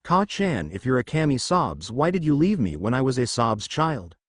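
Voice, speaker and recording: A man's voice: mid-range voice, sing-song, normal speed, dry recording, clean studio sound. A man voicing a brash, cheeky young male hero in a fan fiction reading, in a raised voice. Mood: tearful.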